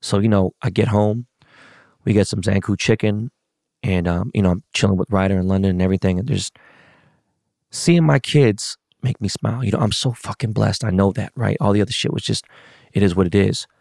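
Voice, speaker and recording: A man's voice: fairly low pitch, fairly quick, gravelly, darkish tone, no echo, studio quality. A middle-aged man in a casual, profane rant, venting about a loss. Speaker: sports fan.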